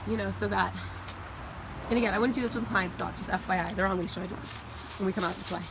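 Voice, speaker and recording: A chatty woman dog trainer explains her methods outdoors and breaks off to call her dogs back in a loud voice. Her pitch sits in the middle of the usual range. The recording is noisy, with dogs playing in the background. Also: fairly even intonation, quick pace. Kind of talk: casual outdoor training demo.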